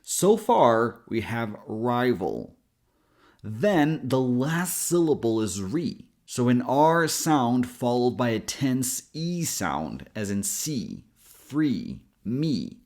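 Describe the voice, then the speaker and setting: This is a pronunciation lesson led by a man whose mid-range voice is lively yet unhurried. He stretches out each sound slowly as he demonstrates it.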